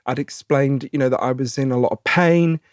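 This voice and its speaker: A man in his forties with a posh British accent, answering interview questions in a chatty, animated way, laughing often and restarting his sentences. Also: medium pitch, brisk, no echo, studio quality. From Britain. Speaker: guest author.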